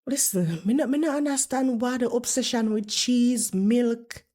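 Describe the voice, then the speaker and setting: A woman's voice: a little high, measured pace, dark tone. A woman doing blunt, mocking reaction commentary and swearing freely.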